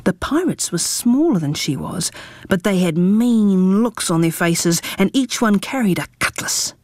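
A woman reading a children's storybook aloud, lively and expressive. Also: mid-range voice, unhurried, dry recording.

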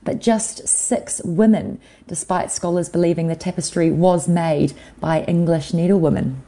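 A woman joins a radio interview as a guest and explains things with enthusiasm. Her voice is mellow and a little low. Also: fairly even intonation, moderate pace. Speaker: guest contributor.

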